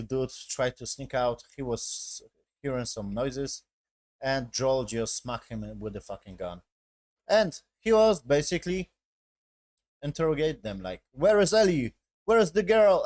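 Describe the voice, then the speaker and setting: A man talks through an episode in loose, profane, non-native English, looping back with "basically" and "yes?" as he goes. His voice sits at an everyday middle pitch. It is recorded close and dry, with no room sound. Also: no room sound. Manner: rambling, profane, keeps asking "yes?" and saying "basically". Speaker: episode reviewer. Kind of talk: casual spoken recap.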